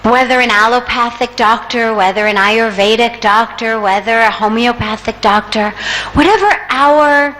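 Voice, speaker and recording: A woman giving a spiritual discourse at a yoga festival, telling a parable in a measured storytelling manner. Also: on the high side, fairly bright tone. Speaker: spiritual speaker. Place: large hall at a yoga festival. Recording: echoey hall with faint noise.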